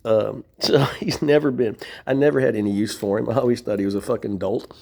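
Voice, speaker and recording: With a steady, mid-range voice that is creaky and a bit mellow, a middle-aged vlogger talks briskly from a shelter floor. He rambles casually, swears while venting, and lets out wry laughs.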